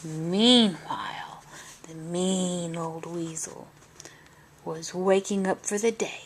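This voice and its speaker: A woman reads a classic picture book aloud in a soft, hushed bedtime voice that often slips into a whisper. She takes it slowly, lingering over each phrase. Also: on the low side, a little hiss or hum. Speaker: storyteller. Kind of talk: bedtime storybook reading aloud.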